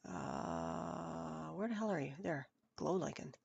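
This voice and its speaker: A woman's voice: low voice, big pitch swings, slow, vocal fry, a little mellow, breathy edge, no echo, lo-fi sound. A woman streaming a building game, chatting and muttering to herself as she works, her nose stuffed up from a cold. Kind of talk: casual live gameplay commentary.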